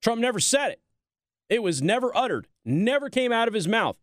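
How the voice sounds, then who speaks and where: A man hosting a talk show, delivering a sarcastic, animated political commentary monologue. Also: very high-pitched, brisk, no echo, clean studio sound.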